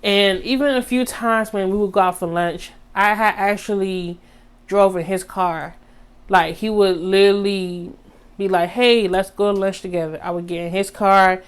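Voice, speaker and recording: A young woman vlogger telling a story in a casual, animated way. She talks straight to her viewers in slang, and her voice jumps high for drama. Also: measured pace, smooth. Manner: animated, dramatic retelling with sudden high squeaks.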